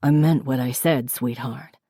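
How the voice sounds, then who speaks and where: A gentle, apologetic husband, as a woman narrator puts him on, speaking softly with a touch of quiet amusement. His tone sits low and dark. The recording is close and dry, with no room sound. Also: measured pace, no echo.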